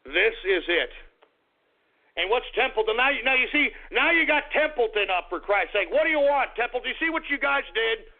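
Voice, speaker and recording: A man's voice: very high voice, lively intonation, normal speed. A man hosting a radio show, ranting in an exasperated, rambling way and repeating himself as he talks to his listeners. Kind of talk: comedic radio rant. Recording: tinny phone-like radio audio.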